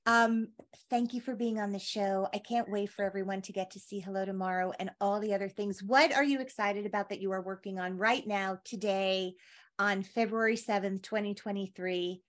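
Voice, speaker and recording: A woman's voice: medium pitch, fairly even intonation, moderate pace. Podcast host lady, teasing her guest, easygoing. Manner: playful, teasing. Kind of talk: casual interview chat.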